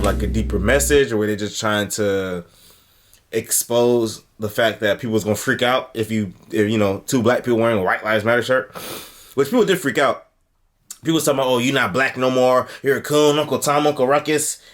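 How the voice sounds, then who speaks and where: Blunt slangy man reacting to a clip. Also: on the low side. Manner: blunt, animated, heavy slang. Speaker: reaction video host. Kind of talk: casual reaction commentary.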